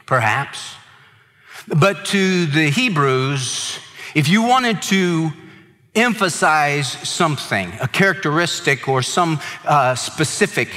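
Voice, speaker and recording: Preaching pastor in a reverberant hall. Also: male voice, on the high side, sharp tone. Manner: preaching with emphatic repetition. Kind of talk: sermon.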